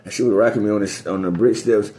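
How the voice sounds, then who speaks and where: Dark-voiced man telling a rambling profane story. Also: fast talker. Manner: profane, loose storytelling that drifts between topics; rising pitch on excited story beats. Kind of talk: rambling casual monologue.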